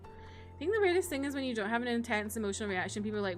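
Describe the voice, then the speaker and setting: Rapid-fire and fairly high-pitched, a young woman streamer swings widely in pitch as she rants sarcastically and laughs a lot during casual gaming chat. Faint music plays behind her.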